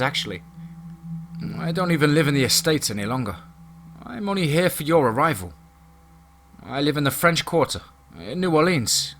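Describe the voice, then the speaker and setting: A man voicing a scheming, elegant young woman in a horror story, speaking in a calm, formal, persuasive way. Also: fairly high pitch, slight background noise.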